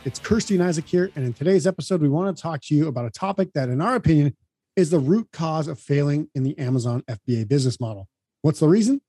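A man co-hosting a podcast, giving upbeat, brisk advice in casual explanatory talk. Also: on the high side, warm tone, breathy edge, no echo. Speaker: podcast co-host.

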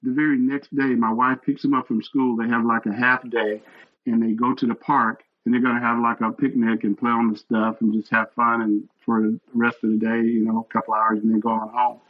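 Older male guest, earnest animated storyteller, mid-pitched voice, slightly dull lo-fi recording. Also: fairly quick. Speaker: guest, retired fire captain and chaplain. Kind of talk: storytelling interview.

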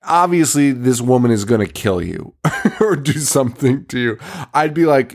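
A man's voice: mid-range voice, very animated, a little slow. A man hosting a podcast, recapping a movie plot in casual chat, rambling, laughing often and swearing freely. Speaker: podcast host.

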